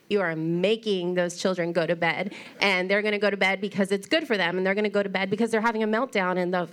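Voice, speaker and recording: A woman's voice: mid-range voice, fairly bright tone. A woman pastor giving a conversational sermon, telling stories in an earnest, chatty way.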